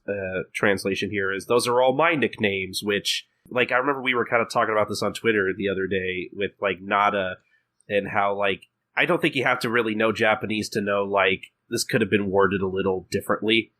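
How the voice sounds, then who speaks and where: A man's voice: fairly low pitch, fairly even intonation, normal speed, bright, forceful tone. A young man guesting on a casual podcast, talking hesitantly and often repeating words as he restarts. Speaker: podcast guest, fan translator.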